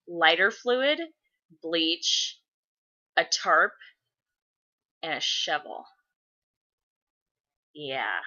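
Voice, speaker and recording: A woman's voice: mid-range voice, lo-fi sound. A young woman vlogging, telling a childhood story and answering viewer questions, swearing freely and acting out the voices of the people in it. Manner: animated, profane, acts out voices in her stories. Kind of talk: casual storytelling to camera.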